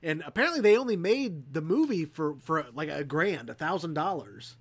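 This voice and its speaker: A man's voice: on the high side, lively intonation, normal speed. A man co-hosting a casual livestream chat, rambling and laughing through profane movie banter. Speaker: podcast co-host.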